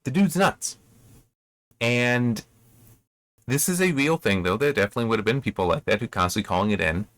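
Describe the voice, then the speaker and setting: A man with a low voice reads from a novel and breaks off into loose, rambling commentary, correcting himself as he goes. The sound is dry and close, with no room around it. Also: lively intonation, quick pace, a bit bright, no room sound. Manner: rambling, self-correcting asides. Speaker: book reviewer. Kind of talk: reading aloud and commenting on a novel.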